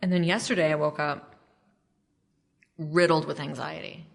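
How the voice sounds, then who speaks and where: A woman's voice: low-pitched, fairly even intonation, moderate pace, vocal fry. A woman author being interviewed on a podcast, talking in a chatty, self-deprecating way with lots of fillers. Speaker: memoir author, podcast guest. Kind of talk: casual interview chat.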